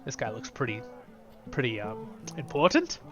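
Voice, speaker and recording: Brief: easygoing male let's play host, lively delivery, slightly muffled, faint music under. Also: mid-range voice, moderate pace. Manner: chatty, laughing at himself. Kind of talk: casual gameplay commentary.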